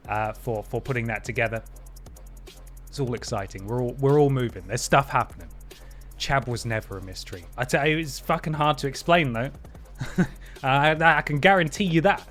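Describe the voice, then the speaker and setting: A man hosting a game livestream, chatting wryly and thanking viewers. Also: medium pitch. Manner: chatty and wry, with playful voice jumps. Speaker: livestream host. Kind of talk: casual stream chat, thanking viewers.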